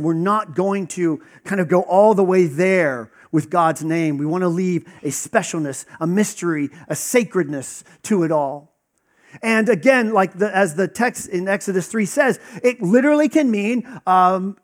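A man preaches a conversational sermon whose voice sits high, teaching casually with plenty of fillers and acted-out dialogue.

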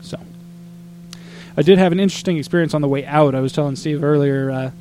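A man from Arizona with a slightly raised voice tells a rambling travel story in relaxed podcast chat. He gets animated and exasperated, jumping into mock quotes of other people. A faint hum runs under the recording. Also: fairly high pitch, fast.

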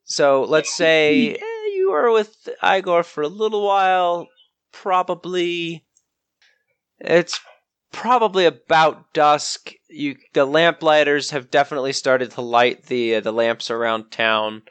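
Relaxed game master, dry close voice. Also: male voice, fairly high pitch, measured pace, smooth, no echo. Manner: relaxed, rambling, self-correcting narration. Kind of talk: narrating a tabletop game.

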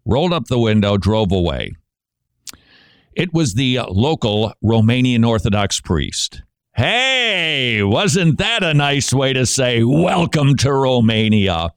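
A man hosting a Christian radio show, giving sarcastic commentary and breaking into mocking shouted impressions. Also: mid-range voice, big pitch swings, takes it slowly, clean tone, no room sound, clean studio sound.

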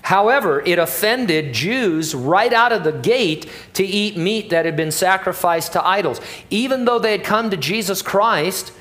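A man's voice: high voice, fairly bright tone. A middle-aged male pastor preaching an expository sermon in a conversational, joking way, full of asides and fillers.

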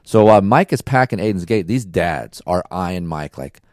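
A man hosting a casual podcast, telling a story in a relaxed, slangy way. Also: lowish voice, moderate pace, no echo, studio quality. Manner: laid-back storytelling with slang. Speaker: podcast host. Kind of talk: casual chat.

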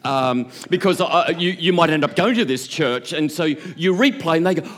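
A man preaching a sermon as a pastor, an animated storyteller who acts out little scenes and laughs often. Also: on the high side, normal speed, few pauses.

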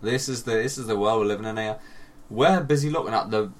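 Northeast english bloke on a podcast, sweary, animated, does little voices in his stories. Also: on the low side, fast. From northeast England. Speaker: podcast co-host. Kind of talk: casual chat.

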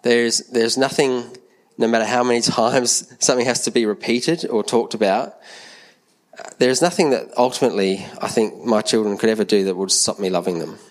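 Dad chatting to church kids. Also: male voice, medium pitch, normal speed. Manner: gentle, chatty, asks the children questions. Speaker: church leader speaking to a congregation. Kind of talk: children's talk in a church service.

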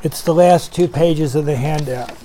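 A man's voice: a little high, normal speed, warm tone, a little hiss or hum. A man leading a recovery meeting, talking earnestly and conversationally, asking the room questions and acting out voices in his story.

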